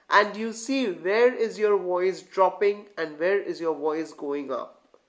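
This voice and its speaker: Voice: medium pitch, unhurried, a bit bright. An English tutor giving an online lesson, who keeps asking the viewers whether they follow, often calls them guys and repeats or restarts phrases while explaining. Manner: addresses learners as guys.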